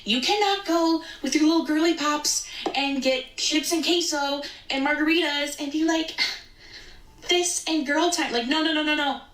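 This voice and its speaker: Woman with a high, bright voice delivering an emphatic rant, heard from a distance in an echoey room. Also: moderate pace, a little hiss or hum. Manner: indignant, emphatic. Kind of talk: social media rant clip.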